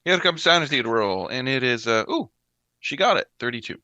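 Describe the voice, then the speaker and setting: Bright, dry-voiced game player. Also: male voice, medium pitch, big pitch swings, moderate pace, no echo. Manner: easygoing, thinking aloud. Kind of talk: casual game chat.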